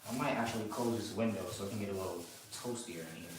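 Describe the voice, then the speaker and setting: A man's voice: fairly low pitch, quick pace. A man giving casual, chatty commentary to himself while painting a bathroom, with slangy asides. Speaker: DIY home renovation vlogger. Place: small bathroom being renovated, indoors. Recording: echoey small room, far from mic, background noise.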